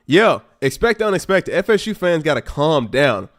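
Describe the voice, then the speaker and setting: Animated man talking over a football game. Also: fairly high pitch, normal speed. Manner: animated, talks back at the game, rising to exasperated outbursts. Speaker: livestream host. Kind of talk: casual live football commentary.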